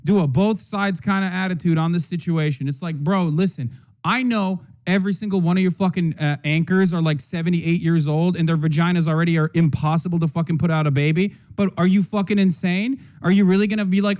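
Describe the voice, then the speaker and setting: A high-voiced man hosts a livestream and reacts to political news. He rants heatedly and sarcastically, swearing freely as he goes. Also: steady tone, brisk, darkish tone. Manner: heated, profane, sarcastic ranting. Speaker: streamer host.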